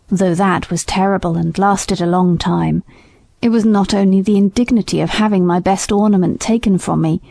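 A woman voicing an indignant old male horse who speaks low and gravely. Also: warm tone, dry recording.

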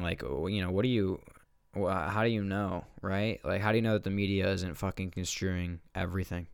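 A man's voice: deep voice, clear, resonant tone, no echo, studio quality. A man in his twenties from the northeastern United States, hosting a podcast and ranting in a rambling, heavily profane way. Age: 20s. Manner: profane, rambling, with heavy swearing. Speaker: podcast host. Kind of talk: casual solo rant.

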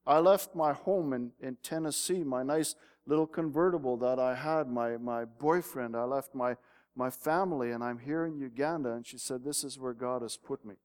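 A man's voice: medium pitch, normal speed, darkish tone. Man preaching in a reverberant hall. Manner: reads a story aloud with rising emphasis. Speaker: pastor. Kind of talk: sermon.

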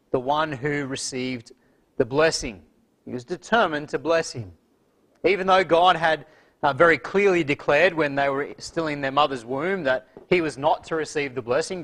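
A man preaching an evening sermon, reading scripture aloud and then expounding it in an earnest, measured way with frequent fillers. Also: a little high, fairly bright tone.

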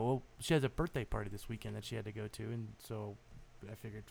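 A man's voice: fairly low pitch, lively intonation, fast talker, vocal fry, a little mellow, slight background noise. A man co-hosting a podcast in casual, profane chat, retelling stories with laughs. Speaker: podcast co-host. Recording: Skype call.

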